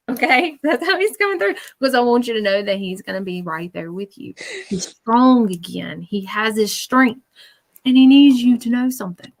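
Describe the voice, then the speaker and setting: A woman's voice: a little high, normal speed. A woman working as a psychic medium in a live-stream reading, speaking earnestly and often emotionally. She relays messages in quoted speech and keeps checking in with "okay?". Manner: animated, emotional.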